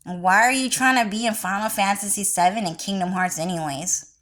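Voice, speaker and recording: A woman vlogging in a rambling, profane monologue, repeating herself and swinging between low mutters and shrill high outbursts. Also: brisk, fairly bright tone.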